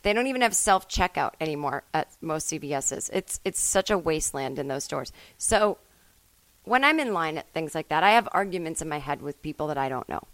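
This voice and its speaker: Woman, comedy podcast host, low voice, dry sound, rambling, self-mocking monologue. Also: animated, a little fast, dry recording, low-quality recording. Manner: rambling, self-mocking, swings into loud bursts. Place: at home.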